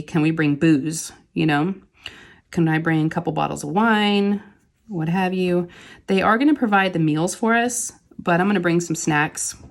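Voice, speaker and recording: A woman talks in a loose, rambling way while she does a craft project. Her voice sits a little low for a woman, and she laughs easily as she wanders from thought to thought. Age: adult with kids. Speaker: crafting channel host. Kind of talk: casual chat while diamond painting.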